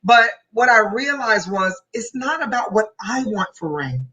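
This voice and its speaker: A woman hosts a motivational talk show, her voice bright and forceful. She talks in an animated, playful way, teasing and encouraging as she goes. The mic sits a little away from her. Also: medium pitch, a little slow, recorded from a distance, poor audio. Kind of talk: casual motivational chat.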